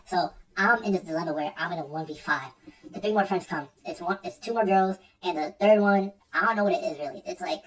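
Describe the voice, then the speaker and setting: Fast-talking young man telling a story. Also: high voice. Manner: rambling, slangy, profane, repeats himself. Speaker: streamer. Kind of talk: casual storytelling. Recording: distant mic with faint music.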